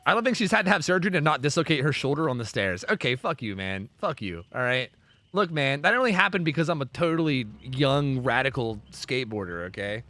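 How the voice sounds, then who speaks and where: A man streaming live, chatting casually with viewers and commentating a match in an excitable, profane manner. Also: medium pitch, a little fast, no room sound.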